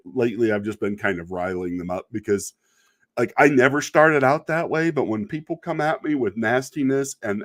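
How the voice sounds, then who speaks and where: A middle-aged man hosting a casual video talk, rambling in a wry, exasperated way and laughing at himself now and then. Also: medium pitch. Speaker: video podcast host. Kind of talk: casual monologue about online commenters.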